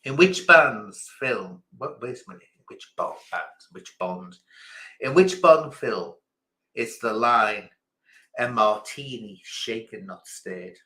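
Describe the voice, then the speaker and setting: A man's voice: medium pitch, very animated, slow pace, bright, forceful tone. A man hosting a quiz on a livestream in casual chat, theatrical and grand in a self-mocking way, calling his listeners darling. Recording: echoey room.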